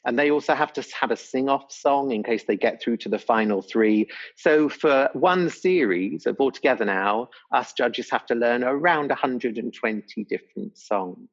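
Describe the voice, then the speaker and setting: A man's voice: medium pitch, normal speed, few pauses, muffled recording. A man who judges a TV talent show, telling a rambling, chatty behind-the-scenes story with lots of restarts. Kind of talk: casual interview anecdote.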